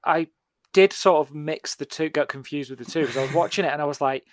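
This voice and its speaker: A man's voice: fairly high pitch, quick pace, slight background noise. A man in a casual film discussion, laughing often and talking in a loose way with many fillers. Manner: giggly, conversational, full of fillers. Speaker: podcast co-host.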